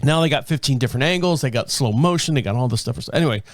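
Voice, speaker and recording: A man's voice: medium pitch, expressive, fast talker, dry recording, studio quality. A middle-aged man hosting a show, telling rambling stories in casual chat, laughing often and acting out quotes. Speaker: show host.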